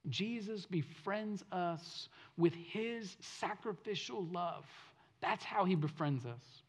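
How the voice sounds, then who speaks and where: A man's voice: high voice, expressive, slow pace, hardly any pauses. Earnest male pastor preaching a sermon. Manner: earnest, repeats phrases for emphasis; storytelling delivery that swings between loud and hushed.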